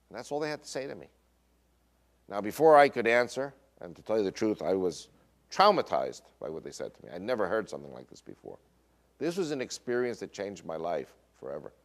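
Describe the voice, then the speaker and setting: An American man with a Northern US accent telling a personal story in a lecture, quoting others and often pausing on fillers. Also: lowish voice. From United States. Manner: animated retelling with quoted voices, frequent uh fillers. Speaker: speaker.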